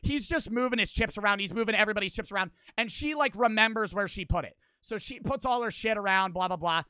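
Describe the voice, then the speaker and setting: High, bright-voiced young man telling a story. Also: fast, smooth, no echo. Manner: animated, swears a lot, swings from loud outbursts to low mutters. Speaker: vlogger. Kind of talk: casual storytelling.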